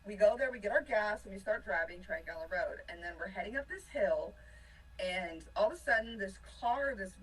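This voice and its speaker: Husky woman telling a road story. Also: medium pitch, far from the mic, rough recording. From United States. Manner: laughs often, swings between excitement and panic. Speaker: band member. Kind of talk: animated storytelling in a casual interview.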